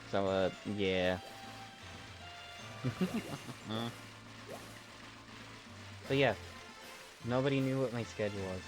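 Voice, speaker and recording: A man's voice: lowish voice, low-quality recording. A young man chatting on a live stream, telling rambling stories in a playful way and chuckling between them. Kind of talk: casual live-stream chat. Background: background music.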